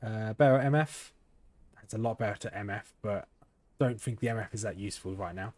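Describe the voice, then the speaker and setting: A little fast and on the low side, the voice belongs to a young man commentating live as he streams a game. He rambles chattily through his thoughts, restarting and saying um a lot, against constant background noise.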